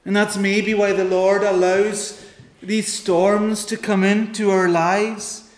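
A man preaching a sermon in a high, even voice that stays level in pitch. He speaks slowly and earnestly, pleading with his listeners and letting his pauses sit. The sound rings with the echo of a large room. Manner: earnest, pleading, with dramatic pauses and quoted prayers.

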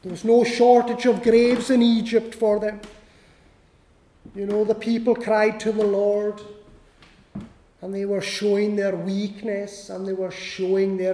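Slow preacher in an echoey hall. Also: mid-range voice, flat delivery, dark tone. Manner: repeats key lines for emphasis. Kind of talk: sermon. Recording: echoey hall with long reverb.

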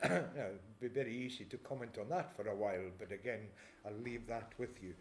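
A man preaching a sermon in a church, reading scripture slowly and explaining it in a measured way, with frequent throat clearing. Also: lowish voice, slight background noise. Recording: echoey church room.

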